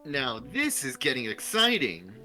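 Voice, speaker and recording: A bold little puppy hero with a sharp, gravelly bark of a voice that leaps wildly up and down. He talks in dramatic exclamations, all pluck and bluster, in a live storybook read-along. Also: high-pitched, big pitch swings, extremely slow, faint music behind, exaggerated voice. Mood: excited. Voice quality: gravelly, bright, swooping. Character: peppy scrappy little male puppy hero. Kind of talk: live group story reading.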